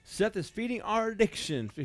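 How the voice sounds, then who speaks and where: A man's voice: high voice, very animated, unhurried, faint music behind. A man hosting a live toy sale from his shop, chatting casually and greeting viewers by name. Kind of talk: casual livestream chat.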